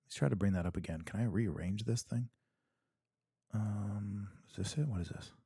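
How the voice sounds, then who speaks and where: A man's voice: on the low side, normal speed, warm tone, breathy edge, no room sound, clean studio sound. A man hosting a live podcast stream, reading viewer comments aloud and answering them in a blunt, joking, profane way. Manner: blunt, profane, joking, talks straight to the audience. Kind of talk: casual livestream chat.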